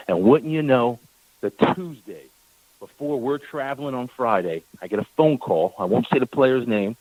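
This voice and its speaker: A man's voice: medium pitch, no echo, poor audio. A man, a team owner, telling a long story on a talk radio show, acting out the exchanges and repeating words when worked up. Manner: animated storyteller, acts out quoted exchanges.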